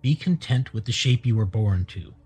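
A man's voice: mid-range voice, expressive, moderate pace, darkish tone, breathy edge. A man reading a storybook, voicing a stern, cautious male alien expedition leader. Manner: stern, warning.

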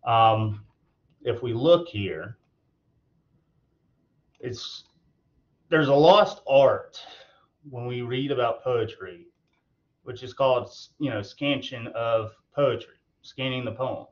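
Male tutor, mid-pitched, loose and halting delivery with fillers, dull lo-fi recording. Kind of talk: recorded online lecture.

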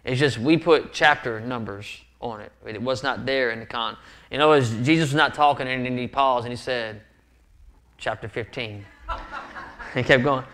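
A man's voice: medium pitch, normal speed, a bit bright. A man preaching a sermon as pastor, earnest and often repeating words for emphasis. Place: church sanctuary.

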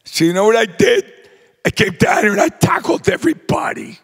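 An older man, giving a rowdy acceptance speech full of brash shouted jokes. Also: very high-pitched, sing-song, fairly quick, creaky, slightly rough, big-room sound, soft background music. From New Jersey. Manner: boisterous, shouting, brash joking. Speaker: hall of fame inductee.

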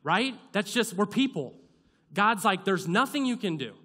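A young male pastor delivers a sermon with a high, bright voice. He talks casually and with humor at his own expense. He slips into playful acted-out asides as he speaks. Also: big pitch swings, normal speed, breathy edge. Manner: conversational, self-deprecating preaching with acted-out asides. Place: church sanctuary.

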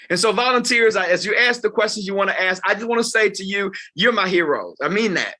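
Bright-voiced preacher in his fifties. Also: fairly quick. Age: 50s. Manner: expressive preacher, sweeping from loud highs to quiet lows. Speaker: pastor. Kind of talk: closing sermon to volunteers. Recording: live talk before a group.

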